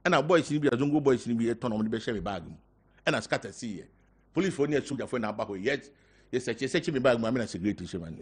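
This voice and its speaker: An older man with a Ghanaian accent, talking as a guest on a talk show, halting and mixing in local words. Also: mid-range voice, animated, breathy edge. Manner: halting, mixing in local words, growing loud when telling a story. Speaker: guest party member. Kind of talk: casual talk show interview.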